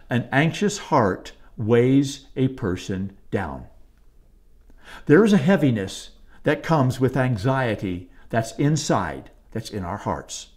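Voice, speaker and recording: A man, a pastor, delivering a sermon in a calm, measured way, slowing and softening on key phrases. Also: mid-range voice.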